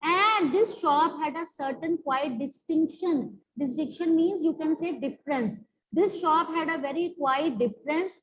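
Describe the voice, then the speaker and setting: High-voiced teacher. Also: female voice, a little hiss or hum, poor audio. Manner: repetitive, explaining meanings slowly. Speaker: English teacher. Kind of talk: classroom lesson explaining a story.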